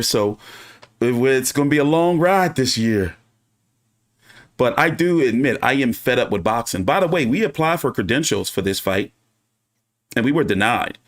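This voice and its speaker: Profane, ranting male boxing streamer. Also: a little high. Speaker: boxing channel host. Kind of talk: casual livestream commentary.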